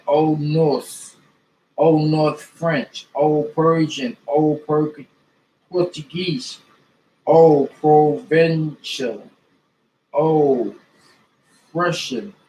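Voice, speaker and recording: A man slowly reading a list of dictionary abbreviations and language names aloud, one item at a time. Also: a little high, a little mellow. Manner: slow, deliberate list reading. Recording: echoey room.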